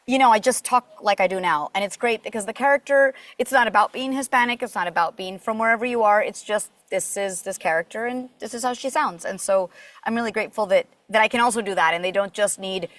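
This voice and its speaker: A woman raised in Puerto Rico talks fast in a mid-range voice, with no room sound around her. She's a voice actor appearing as a podcast guest, telling animated stories packed with fillers in a casual, chatty interview.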